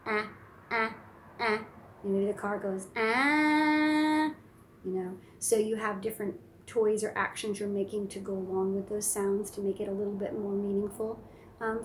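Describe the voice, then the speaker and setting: A woman speech therapist giving casual tips to caregivers, relaxed and chatty with plenty of fillers. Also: medium pitch, moderate pace, a little hiss or hum. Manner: relaxed, chatty, many fillers, demonstrates silly sounds. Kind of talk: casual instructional talk to camera.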